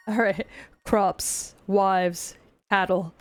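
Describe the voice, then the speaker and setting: A woman's voice: medium pitch, moderate pace, soft background music. A woman streamer chatting casually with her viewers while gaming, giggly and chatty, swearing often.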